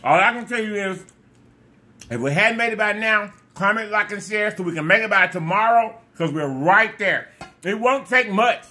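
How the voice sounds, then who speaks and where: High, lively man chatting over food. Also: normal speed, faint music behind. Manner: effusive, repeats phrases, talks with food in mouth. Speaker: mukbang vlogger. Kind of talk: casual chat to viewers while eating.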